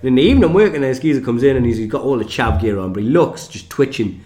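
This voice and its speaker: A man's voice: mid-range voice, lively intonation, racing, mellow, echoey room. Swearing Geordie man telling stories. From Newcastle, England. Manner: swears a lot, laughs through stories. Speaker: comedian guest. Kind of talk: casual podcast storytelling.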